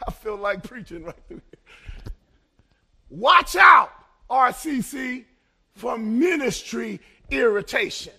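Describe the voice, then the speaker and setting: A man pastor from Los Angeles, in his fifties, preaches with a strikingly high voice roughened by gravel and a bright, forceful edge. He swings between fervent shouted peaks and quiet, hushed asides. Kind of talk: sermon.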